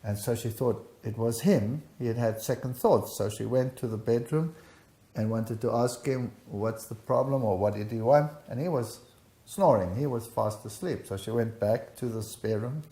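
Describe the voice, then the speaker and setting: Older guy telling a story, gravelly and dark voice, roomy echo. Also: medium pitch, moderate pace. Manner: animated storytelling, acts out dialogue. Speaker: interviewee. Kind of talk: recounting a personal testimony.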